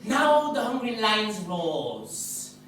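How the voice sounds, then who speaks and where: A woman playing the mischievous fairy Puck, speaking Shakespeare verse slowly in a lively sing-song on a live stage. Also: mid-range voice. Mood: playful. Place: theatre stage, audience filming. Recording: echoey hall, mic far off, noisy.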